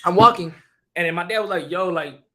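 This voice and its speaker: A man's voice: high voice, pushed and bright. A young man streaming, telling a story in casual slang, swearing a lot and often repeating and restarting his phrases. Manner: rapid, profane slang, lots of repeats and restarts.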